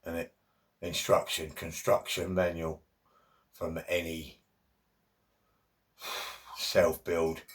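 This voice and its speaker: A man's voice: low voice, level tone, drawn-out words, long pauses. A middle-aged man, talking in a chatty, rambling monologue full of jokey asides.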